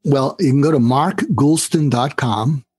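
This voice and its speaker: An older man with a husky, slightly rough voice tells his story in lively bursts and briefly acts out the people in it. The recording is dry and close, with no room sound. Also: medium pitch, measured pace, no room sound. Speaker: guest, author. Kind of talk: storytelling interview answer.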